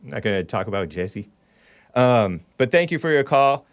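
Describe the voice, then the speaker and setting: A man's voice: mid-range voice, animated, normal speed. Sarcastic male talk show host. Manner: sarcastic, laughs often, steers the talk.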